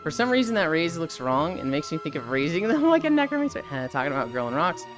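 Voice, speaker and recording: A woman's voice: low-pitched, sing-song, quick pace, music in the background. A young woman streaming live, chatting casually and acting out game characters' lines, on a headset mic.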